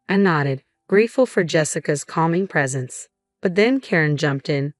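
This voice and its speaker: A woman reading a scripted first-person story in an even, measured way. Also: low-pitched, dry recording, clean studio sound, soft background music. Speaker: narrator.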